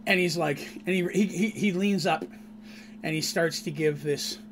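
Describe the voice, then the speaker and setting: A man, the game master, recounting a tabletop session in a casual, rambling, animated way. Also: on the high side, moderate pace, a little hiss or hum. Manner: animated, rambling, laughs at his own story.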